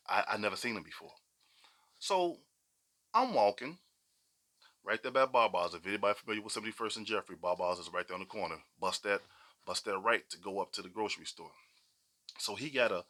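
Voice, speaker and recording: Forceful middle-aged man. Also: fairly low pitch, fairly quick. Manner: emphatic, slangy, repeats himself for weight. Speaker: podcast co-host. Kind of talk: casual podcast storytelling.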